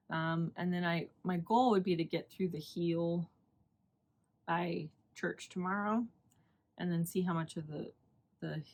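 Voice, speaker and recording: A woman's voice: fairly low pitch, vocal fry. A woman hosting a knitting podcast in casual chat, rambling and chatty and laughing often.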